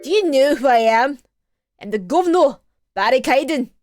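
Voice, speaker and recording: A woman voicing a loud, brash male prison governor with a put-on Irish accent, blustering and barking his lines. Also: sits high, animated, moderate pace, soft background music. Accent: Irish attempt.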